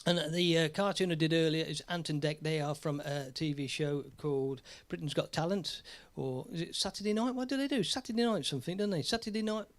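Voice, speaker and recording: A British man hosting a casual live stream, chatty and jokey, slightly hoarse from a cold. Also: fairly high pitch, a little fast, few pauses.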